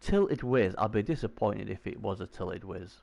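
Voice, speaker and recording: A man commentating live on a video game stream, chatty and excitable, talking to his viewers. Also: fairly low pitch, normal speed, creaky. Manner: chatty, excitable, talks to chat.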